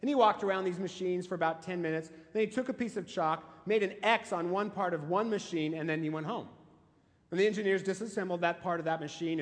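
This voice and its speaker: A man's voice: high-pitched, long reverb tail. A male pastor preaching a sermon, telling stories emphatically and asking the listeners questions. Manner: emphatic storytelling with rhetorical questions.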